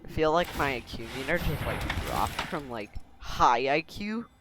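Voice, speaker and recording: A man giving casual, joking commentary while playing a card game, sarcastic and quick to laugh at himself. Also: fairly high pitch, very animated, background noise. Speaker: gaming video host.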